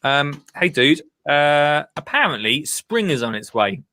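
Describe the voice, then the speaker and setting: Bright-voiced man hosting a chat. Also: fairly high pitch, sing-song, measured pace. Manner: laughs often, banters, chatty. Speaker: host. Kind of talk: casual chat.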